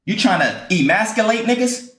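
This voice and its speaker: A man's voice: high-pitched, lively intonation, moderate pace, a bit bright, reverberant. A man in a played clip lecturing someone scornfully.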